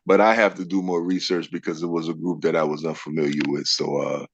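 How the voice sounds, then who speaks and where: A man's voice: extremely low pitch, little pitch movement, fairly quick, vocal fry, muffled recording, a little hiss or hum. A man with a New Orleans accent taking part in a casual book discussion group, earnest and self-deprecating.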